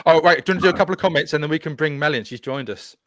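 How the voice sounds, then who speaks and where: A man's voice: on the high side, racing, fairly bright tone, no echo. A man from England hosts a casual podcast livestream while fighting off a cold. He chats easily, chuckles often and reads out viewer comments. The sound is dry and close, with no room around it. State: has a cold. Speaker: podcast host.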